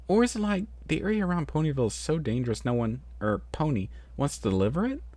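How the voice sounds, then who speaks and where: A man voicing a bubbly, excitable young female pony who rambles in a high, giddy voice in a storybook reading. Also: quick pace, no room sound.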